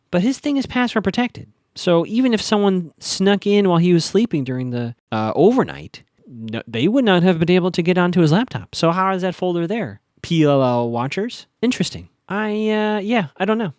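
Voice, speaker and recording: A man hosting a solo podcast, chatting casually through an episode recap, theorizing and quickly acting out characters' lines. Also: high-pitched, animated, darkish tone, dry recording, studio quality.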